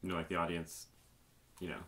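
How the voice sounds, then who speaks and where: A man's voice: deep voice, level tone, brisk, bright, forceful tone. A man co-hosting a film podcast, talking loosely and rambling, with casual swearing. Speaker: podcast co-host.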